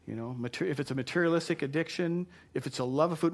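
A man preaching a sermon to a congregation as pastor, impassioned, repeating phrases and building to loud exclamations. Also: on the high side, quick pace. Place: church before a congregation.

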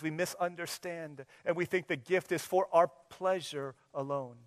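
A man in his thirties preaching a sermon, telling a funny story with acted dialogue, swinging from soft to loud. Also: high-pitched, normal speed, gravelly, few pauses, big-room sound. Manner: humorous, plays out scenes in quoted dialogue. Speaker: pastor.

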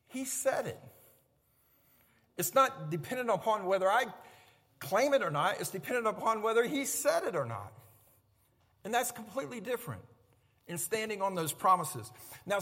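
A male pastor preaching a sermon in a church and telling lively stories, now and then acting out shouts. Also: high-pitched, long reverb tail. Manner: animated storytelling, acting out shouts. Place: church sanctuary.

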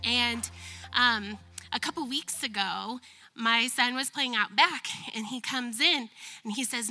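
A woman in her thirties telling a lively, self-mocking story as a testimony during a church service, laughing often. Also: a little high, a little slow. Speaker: church member giving a testimony.

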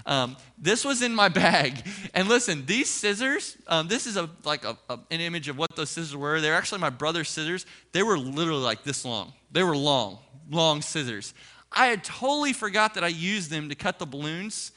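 A pastor preaches by telling a personal story, acting out the dialogue with animation, then turns to scripture. His voice is on the high side and his speed is normal.

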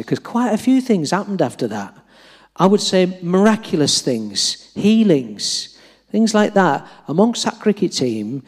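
A middle-aged man preaching, telling a story animatedly and acting out the dialogue with self-deprecating humour. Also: sits high. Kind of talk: storytelling sermon. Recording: long reverb of a large hall.

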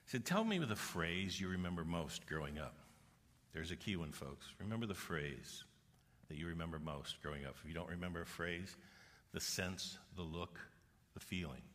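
A man's voice: low-pitched, animated, moderate pace, fairly bright tone. A middle-aged man giving a sermon as a pastor, telling stories earnestly and acting out the people in them. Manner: storytelling with quoted voices, earnest. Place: church auditorium. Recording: long reverb of a large hall.

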